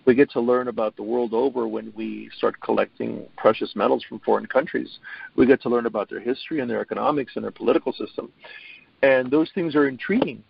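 Gravelly middle-aged man, earnest and halting. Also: medium pitch, dry recording. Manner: earnest, repeats words when starting sentences. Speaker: guest. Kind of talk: casual interview talk. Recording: dull, lo-fi audio.

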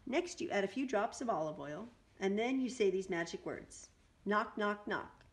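A woman's voice: mid-range voice, lively intonation, moderate pace, lightly acted. Woman doing sweet wise old witch lady, patient, teaching tone. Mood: instructive. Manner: gentle, instructive.

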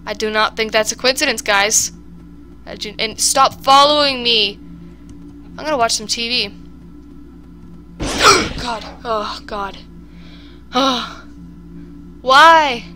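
A woman's voice: fairly high pitch, takes it slowly, pauses often, music in the background. A woman giving casual let's-play commentary on a horror game, jittery and talking straight to her viewers. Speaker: gaming commentator.

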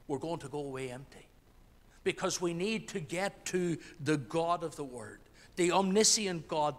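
A man's voice: fairly high pitch, fairly bright tone. A man preaching a sermon as pastor, earnest, with restarts and swells of emphasis. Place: church. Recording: church hall with long reverb.

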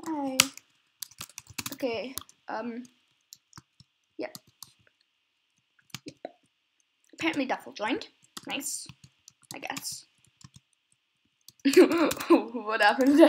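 A young woman talks casually over her gameplay, slow and unhurried, her voice sitting a little high. She rambles and breaks into self-conscious giggles. Faint keyboard clicks and typing run behind her. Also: fairly bright tone, a little hiss or hum. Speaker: gamer recording gameplay.

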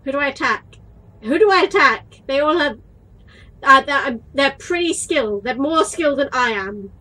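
A woman's voice: sits high, animated, moderate pace, bright, forceful tone, low-quality recording. A young woman giving crude, cheeky let's-play commentary while playing a game, playfully exasperated at what is on screen. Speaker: gaming video creator.

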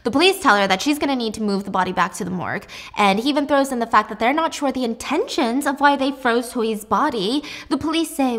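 A woman hosts a casual recap of a TV drama. She tells the story with lively energy and laughs along the way. Her voice sits fairly high. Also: a little fast, hardly any pauses. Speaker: host.

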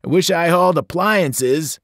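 A man voicing a gruff male trucker who mocks caged animals in a loud, sneering drawl. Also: on the high side, unhurried, dry recording, studio quality, voice pushed up. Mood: grumbling.

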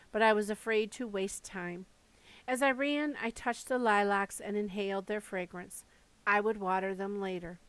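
A woman's voice: mid-range voice, fairly bright tone, no room sound, low-quality recording. Woman narrating a memoir, dry sound. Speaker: audiobook reader. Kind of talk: first-person memoir narration read aloud.

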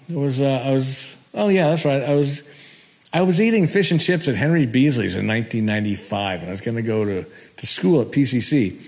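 A man's voice: mid-range voice, creaky. Man rambling through an old story. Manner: rambling, laughing, restarts. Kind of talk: casual spoken recollection.

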